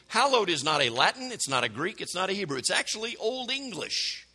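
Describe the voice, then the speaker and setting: A man's voice: high voice, big pitch swings, fairly quick, few pauses, bright, forceful tone. A man preaching a conversational sermon, full of rhetorical questions and self-corrections. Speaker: pastor.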